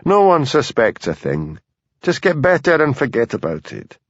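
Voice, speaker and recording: A patient village policeman in an audiobook, voiced by a man. He talks gently and plainly, with a lively pitch. The audio is dry and a bit dull. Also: normal speed, dry recording. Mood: calm.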